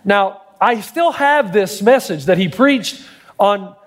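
A middle-aged pastor preaches a sermon, his voice pitched fairly high for a man. He tells stories with dramatic build-ups, layering one line on the next. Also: animated, takes it slowly.

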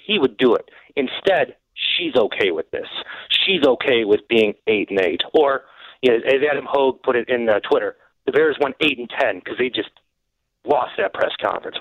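A man calling in to a sports radio show, telling a rambling, animated story about his family. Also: medium pitch, moderate pace, dry recording. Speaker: caller. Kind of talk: phone-in call. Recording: muffled radio broadcast.

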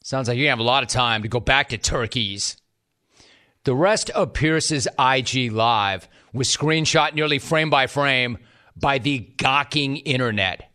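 Bright-voiced wry male commentator. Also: medium pitch, unhurried. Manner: wry, mocking. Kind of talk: scripted comedic sports commentary.

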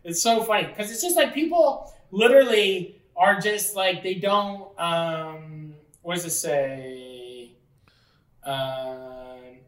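A woman's voice: fairly low pitch, slow pace, echoey room, recorded from a distance, poor audio. A woman co-hosting a podcast in casual banter, rambling with lots of fillers and teasing her co-host.

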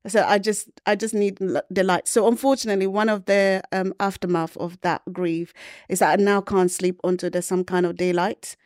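A woman's voice: mid-range voice, level tone, normal speed, a little mellow, no room sound, clean studio sound. A woman from Ghana, a podcast guest, talking candidly and reflectively about a hard time in her life. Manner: candid, reflective, acts out quoted voices. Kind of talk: personal storytelling in an interview.

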